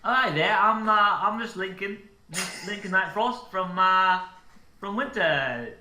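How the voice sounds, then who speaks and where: A man's voice: high-pitched, expressive, unhurried, sharp tone, reverberant. A man playing his character in a tabletop game, jokey and switching silly accents. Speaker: player.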